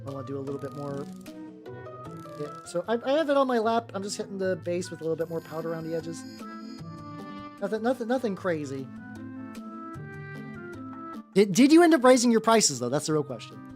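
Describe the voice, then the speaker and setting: Casual streamer, rambling and stammering, swears a lot, lively swinging pitch, faint music behind. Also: fairly quick, long pauses. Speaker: streamer painting miniatures. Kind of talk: casual chat while painting.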